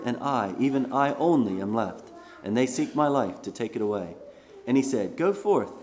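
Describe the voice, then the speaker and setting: A man's voice: medium pitch, darkish tone, a little hiss or hum. A male pastor giving a sermon, reading scripture aloud and then explaining it in a conversational way.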